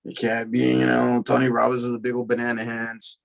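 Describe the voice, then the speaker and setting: A man's voice: mid-range voice, fairly quick, vocal fry, rough recording. Casual, profane man telling his recovery story. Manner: casual, profane, animated retelling with acted quotes. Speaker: recovery lecture speaker. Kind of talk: personal storytelling talk.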